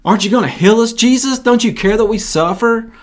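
Desperate male lepers cry out for healing in a strained, pleading voice pitched well above the man who puts them on. They sound high and begging, as told in a sermon. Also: brisk. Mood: complaining.

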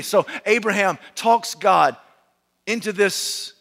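A male pastor delivers a sermon in a high, bright voice that rings out with the long reverb of a large hall. He hammers his points with repeated phrases and rhetorical questions, then drops to a slow hush on the key lines.

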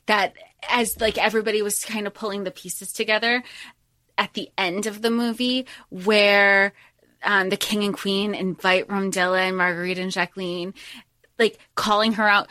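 A young adult woman co-hosts a podcast with a bright, forceful voice. She talks in an animated, casual way, swearing freely and leaning on "like" and "um". The recording is dry and close. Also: mid-range voice, moderate pace, no echo. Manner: animated, swears freely, acts out movie lines; many fillers like "like" and "um". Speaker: podcast co-host. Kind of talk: casual chat.

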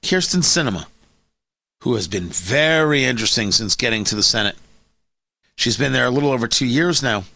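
A man's voice: mid-range voice, lively intonation, brisk, vocal fry, long pauses, sharp tone, dry recording. A man hosting a talk radio show, delivering an opinionated monologue with sarcastic, mocking asides.

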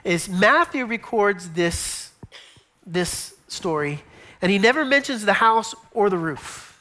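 A woman preaching from the pulpit. She tells the story like she is standing inside it, acting out the people's words and hushing to a whisper for the quiet moments. Her phrases come with quick repetitions and restarts. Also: medium pitch, lively intonation. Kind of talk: sermon.

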